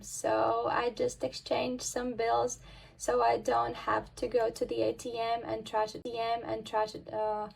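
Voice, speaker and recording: High husky woman budget vlogger. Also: low-quality recording. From Baltic states. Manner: chatty, with frequent fillers and counting aloud. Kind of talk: casual talk to camera.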